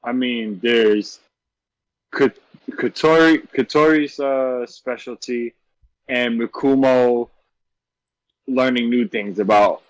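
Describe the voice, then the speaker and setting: A man's voice: medium pitch, slow pace, pauses often, dry recording, low-quality recording. A man co-hosting a casual podcast, laid-back, often asking "you know what I'm saying". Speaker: podcast co-host.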